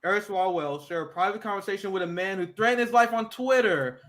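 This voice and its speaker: A man's voice: high-pitched, quick pace, a bit bright. A young man hosting a podcast, ranting in profane casual chat and mocking others with impressions. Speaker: podcast host.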